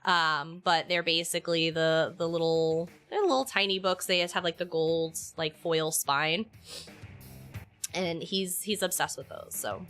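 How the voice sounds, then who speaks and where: A woman chatting casually on a stream, telling animated stories and laughing often. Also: on the low side, measured pace, faint music behind. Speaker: streamer and mother. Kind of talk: casual chat.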